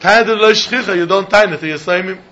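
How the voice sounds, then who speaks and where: Man, Talmud lesson, sing-song, repeats points, high-pitched. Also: quick pace, pushed and bright, highs cut off. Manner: sing-song, repeats key points, mixes in Hebrew and Yiddish terms. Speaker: Talmud teacher.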